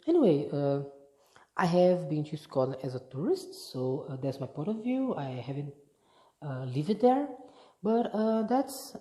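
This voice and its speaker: Low-voiced woman vlogging. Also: mellow. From Brazil. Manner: chatty, easygoing, often restarts sentences. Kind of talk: casual vlog monologue. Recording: echoey room.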